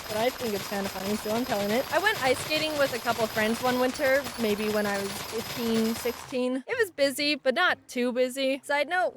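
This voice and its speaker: Brief: woman with a higher voice, deadpan storyteller over gameplay, noisy background. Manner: deadpan, sarcastic asides.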